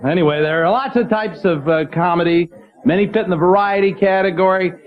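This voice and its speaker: High-voiced man hosting a comedy night. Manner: easygoing, enthusiastic. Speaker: host. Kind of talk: introducing comics. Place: comedy club stage. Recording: muffled 1980s club recording.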